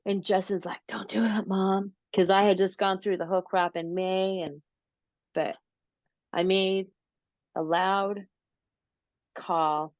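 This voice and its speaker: A woman being interviewed, telling a long story slowly and casually, with many fillers and restarts. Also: mid-range voice, steady tone, no echo. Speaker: interview guest, paranormal researcher. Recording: dull lo-fi audio.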